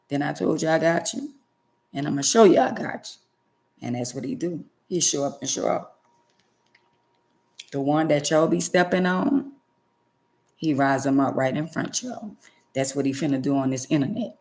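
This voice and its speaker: Gravelly-voiced woman preaching to viewers. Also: sits low, normal speed, darkish tone. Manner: emphatic and scolding, repeats phrases for effect. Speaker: vlogger. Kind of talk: preachy direct-to-camera talk.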